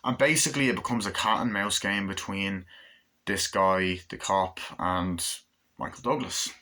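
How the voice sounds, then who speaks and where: Low, forceful-voiced man rambling casually. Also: normal speed. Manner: rambling, enthusiastic, swears freely. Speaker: movie reviewer. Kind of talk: casual spoken movie review.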